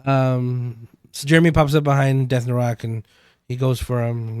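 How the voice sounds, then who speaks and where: Casting note: man in his own voice, mid pitch, rambling podcast recap, dry close sound. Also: level tone, moderate pace, smooth, no echo. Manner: rambling, many fillers. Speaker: podcast co-host. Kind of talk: casual chat recapping a TV episode.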